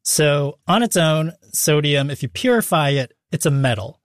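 A man hosting a casual science show, explaining facts in a relaxed, chatty way. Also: fairly high pitch, normal speed, no room sound, studio quality. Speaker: podcast host.

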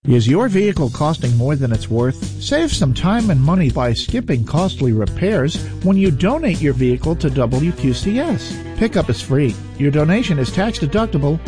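A man reading a radio ad in a lively, promotional voice. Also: on the high side, normal speed, few pauses. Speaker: announcer. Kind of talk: radio ad read. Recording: radio spot with music bed.

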